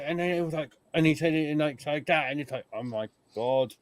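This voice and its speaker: A man's voice: on the high side, fairly even intonation, fairly quick, no echo. A man hosting a casual podcast chat, telling stories and mimicking the people he describes. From United Kingdom. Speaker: podcast host.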